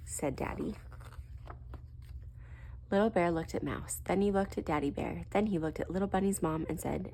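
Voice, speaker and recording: A woman reading a children's picture book aloud, gently lifting her voice for the characters' lines. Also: moderate pace, vocal fry, pauses often, a little hiss or hum. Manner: gentle, lifts pitch for quoted lines. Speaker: storybook reader. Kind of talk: children's story read-aloud.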